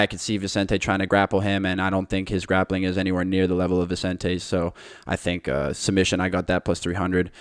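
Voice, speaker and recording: Chatty man with a low voice. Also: no echo, clean studio sound. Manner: confident, chatty, addresses listeners as guys. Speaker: podcast host. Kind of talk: casual betting picks monologue.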